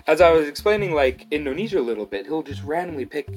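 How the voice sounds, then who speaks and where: A man's voice: a little high, fast talker, faint music behind. A man co-hosting a podcast, casually telling a story and acting out what other people said. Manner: animated storyteller, acts out others' lines. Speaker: podcast co-host. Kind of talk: casual chat.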